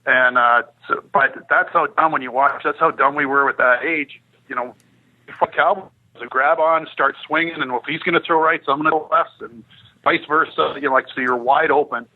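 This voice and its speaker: A man's voice: fairly high pitch, moderate pace, narrow, tinny audio. A man in his fifties, a former pro hockey player, telling stories on a podcast and acting out the dialogue. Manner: animated storyteller who acts out quoted dialogue. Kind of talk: casual podcast storytelling.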